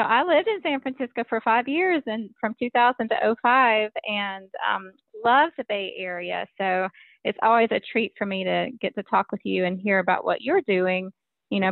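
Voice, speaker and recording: A woman's voice: medium pitch, moderate pace, creaky, dry recording. A woman from Alabama, a legal marketing professional, chatting as a podcast guest in a friendly, upbeat way. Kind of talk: casual interview chat. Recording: tinny phone-line sound.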